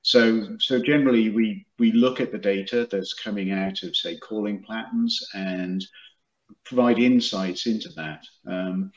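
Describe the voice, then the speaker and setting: A product and marketing executive, appearing as a guest, explains his business during a video-call interview, full of fillers and restarts. His voice sits on the low side and moves a little slowly. The room echoes and the sound is dull and lo-fi.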